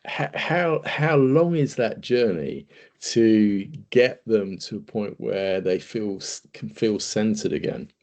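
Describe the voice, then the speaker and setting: Brief: male interview host, low mellow voice, hesitant and stammering. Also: animated. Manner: halting, stammering questions, frequent murmured acknowledgements. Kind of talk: conversational interview.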